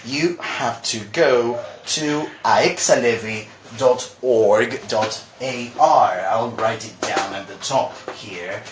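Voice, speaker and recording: A chatty man teaching English live from home, answering viewers as he goes. His voice sits at an ordinary pitch and carries the echo of a bare room. A faint hum of background noise runs underneath. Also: slow pace, hardly any pauses. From Argentina. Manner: chatty, reads viewer questions aloud. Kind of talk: live-streamed lesson.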